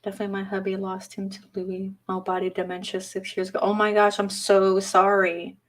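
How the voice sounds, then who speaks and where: A woman hosting a live tarot reading who talks straight to her viewers in a warm, openly emotional way. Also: mid-range voice, monotone, a little fast, slight background noise. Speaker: tarot reader and livestream host. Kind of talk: casual livestream tarot reading.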